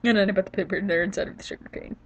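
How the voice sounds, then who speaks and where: A woman's husky, very fast voice sits at medium pitch with a steady tone. Hosting a gaming channel, she gives a casual gameplay voiceover while tired and sniffly from allergies, rambling, yawning and trailing off.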